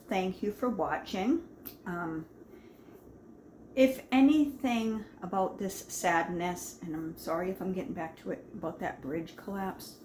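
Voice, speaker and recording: A woman's voice: lowish voice, darkish tone, slight background noise. A woman chatting casually in her home kitchen as she tastes and talks through her own cooking, rambling and folksy.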